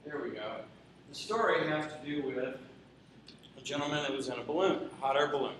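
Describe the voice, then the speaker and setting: A man's voice: mid-range voice, fairly bright tone, a little hiss or hum. A man with a Texan accent gives a folksy, joking presentation about school technology to an audience. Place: large echoey hall. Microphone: handheld mic after a distant start. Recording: echoey hall, distant mic.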